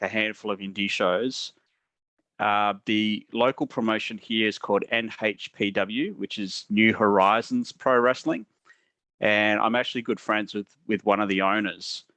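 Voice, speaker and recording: Australian male host, casual chat, forceful bright tone, dry close sound. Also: fairly low pitch, fairly even intonation, unhurried, dry recording. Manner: reads out listener questions and answers at length. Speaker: podcast host.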